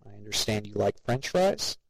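A man's voice: normal speed, gravelly, no room sound, exaggerated voice, low-quality recording. A man doing a glum, mumbling young man. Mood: forced politeness. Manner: low, quiet and flat. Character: weary, appalled young man, muttering.

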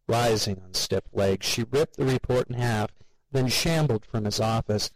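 A man narrating an audiobook in a measured, wry way. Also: lowish voice, dry recording, rough recording.

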